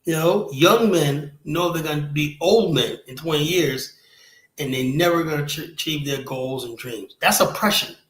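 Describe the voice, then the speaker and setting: A man hosting a stream, talking bluntly and profanely and rambling, with a steady stream of "you know". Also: a little high, moderate pace. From United States. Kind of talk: casual stream talk. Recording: roomy echoey sound.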